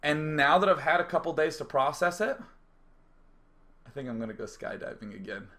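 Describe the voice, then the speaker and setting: A man telling a casual, profane anecdote, acting out his own reactions and dropping to quiet mutters when reliving the aftermath. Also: a little high, expressive, a little fast. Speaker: storyteller.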